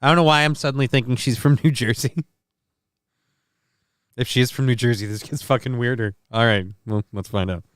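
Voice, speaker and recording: A man hosting a comedic news livestream, rambling and sarcastic, his speech peppered with swearing. His voice sits in a middle register and sounds smooth and resonant. It is recorded close and dry on a home mic. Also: mid-range voice, steady tone, a little fast, no room sound. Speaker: host. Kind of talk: casual comedic news commentary stream.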